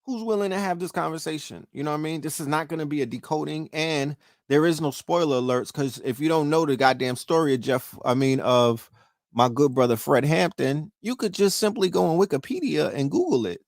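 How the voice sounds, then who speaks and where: A middle-aged New York man hosts a casual podcast livestream, cursing freely and firing questions at his listeners. His voice sits on the high side and moves briskly. The recording is dry and studio quality.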